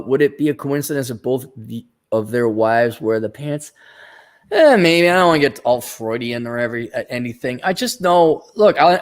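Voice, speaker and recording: In a medium-pitched voice, a man hosts a laid-back livestream, reading viewer donations aloud. He offers blunt, rambling opinions and keeps restarting his sentences.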